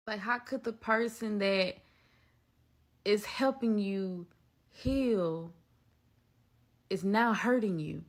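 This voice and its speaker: A woman telling a personal story to her viewers, animated and emphatic. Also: mid-range voice, slow, pauses often. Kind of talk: storytime vlog.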